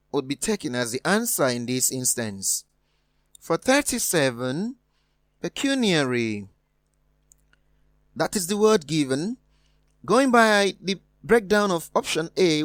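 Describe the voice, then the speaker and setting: A woman leads an exam-preparation lesson at an unhurried, careful pace, spelling out words and repeating them. Her pitch moves in wide, lively swings as she stresses each answer. The voice sounds dry and close to the mic. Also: no echo. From West Africa. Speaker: teacher.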